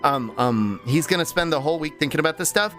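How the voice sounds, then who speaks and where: Tired-voiced streamer guy rambling to chat, tons of ums, pitch bouncing all over, faint music in the back. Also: animated, fast, a bit bright. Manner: rambling, many um and uh restarts, laughs easily. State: voice tired and strained. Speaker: livestreamer. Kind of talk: casual stream chat, reading chat aloud.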